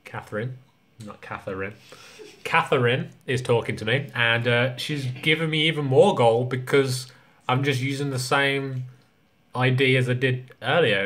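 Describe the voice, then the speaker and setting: A man's voice: medium pitch, fairly bright tone. A young man vlogging casually, rambling, joking and swearing a lot. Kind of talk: casual vlog rant.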